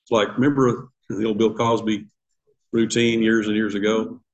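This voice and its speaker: In a church classroom, an older man leads Sunday school with a lowish voice and a flat delivery at a moderate pace. He chats conversationally, puts questions to the class, and laughs at his own asides, while the recording has its highs cut off.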